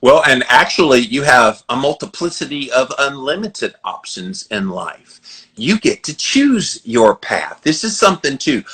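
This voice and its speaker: A man with a Southern American accent hosting a podcast interview, giving earnest, animated advice. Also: medium pitch, a little slow. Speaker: podcast host. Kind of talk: conversational interview.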